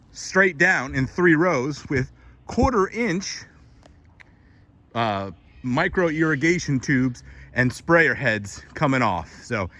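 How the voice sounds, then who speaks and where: Outdoors in his garden, a homestead vlogger hosts a casual how-to video, explaining chattily as he works and sounding a bit out of breath. His voice is fairly high-pitched with a sharp tone.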